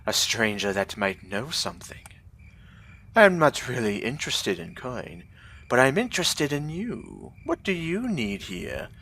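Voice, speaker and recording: A man's voice: mid-range voice, wildly swooping pitch, a little slow, creaky, fairly bright tone, a little hiss or hum, pitched above the performer's own voice, exaggerated voice. A man voicing a sly, cheerful male gnome beggar with a knowing, conspiratorial manner.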